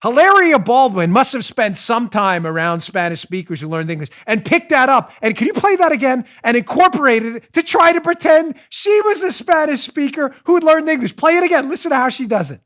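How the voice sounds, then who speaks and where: A man hosting a political commentary show, talking in an animated, mocking, rant-like way into a studio microphone. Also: extremely high pitch, brisk, few pauses. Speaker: show host.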